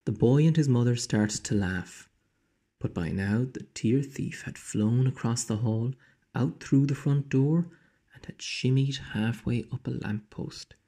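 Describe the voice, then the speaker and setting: Man reading a kids story real slow, gravelly dark voice, keeps whispering bits. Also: mid-range voice. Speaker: teacher reading aloud. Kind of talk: storybook read-aloud.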